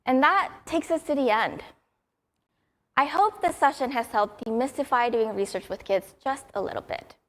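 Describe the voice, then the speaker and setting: A young adult woman giving a prepared conference talk in an upbeat, storytelling way. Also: high-pitched. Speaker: conference speaker.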